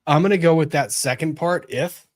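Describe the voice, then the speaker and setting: A man's voice: a little high, normal speed. A man hosting a casual online legal panel chat over a video call, wry and joking. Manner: wry, joking, talks to his dog in a soft voice. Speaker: show host.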